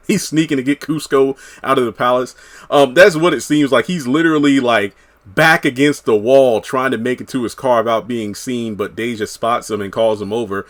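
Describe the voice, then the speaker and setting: A man reviews a TV episode in a loose, conversational vlog. He rambles along with frequent filler words at an ordinary mid-range pitch. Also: animated, moderate pace. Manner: rambling, many "you know" fillers. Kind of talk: casual recap vlog.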